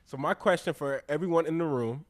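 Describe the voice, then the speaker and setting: Man, radio co-host, high-ish voice, playful, laughs a lot. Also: brisk. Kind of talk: casual chat.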